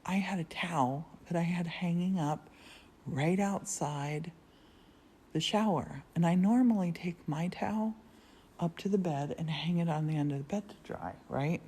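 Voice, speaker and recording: A woman hosting a casual live stream, telling rambling stories with frequent laughs from a quiet converted church studio. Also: fairly low pitch, normal speed, slightly rough. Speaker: livestream host. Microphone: phone livestream.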